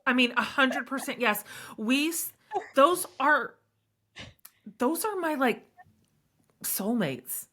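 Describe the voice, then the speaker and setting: Woman, middle-aged, bright forceful voice, earnest, emphatic, candid podcast guest. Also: high voice, animated, takes it slowly, pauses often.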